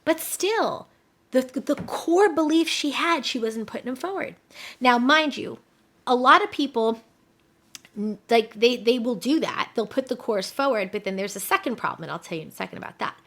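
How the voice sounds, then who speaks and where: A woman's voice: a little high, normal speed. A woman marriage coach speaking frankly to women in casual advice talk, telling stories and acting out the conversations in them. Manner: animated storytelling, acting out quoted conversations; frank, direct address to listeners.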